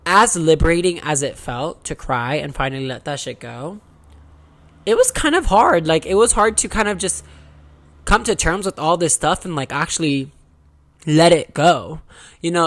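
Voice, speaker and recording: A woman's voice: sits low, moderate pace. A young adult woman talking casually to the camera in a candid diary-style confession, chatty and frank, swearing freely. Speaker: vlogger.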